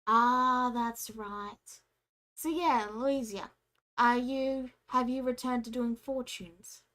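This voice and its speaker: Woman game master, a bit high, apologetic and organizing. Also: steady tone, slow, sharp tone. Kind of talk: running an online tabletop game.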